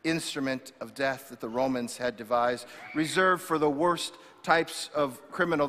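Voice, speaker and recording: A man's voice: on the high side, pushed and bright. Impassioned male pastor in an echoing church. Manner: impassioned, repeats words when restarting. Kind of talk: sermon. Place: church sanctuary. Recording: reverberant church hall.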